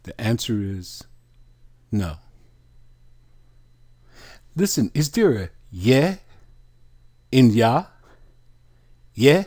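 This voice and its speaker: Slow, emphatic male preacher. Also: mid-range voice, big pitch swings, darkish tone. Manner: slow, emphatic, asks the audience questions. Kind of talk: sermon teaching.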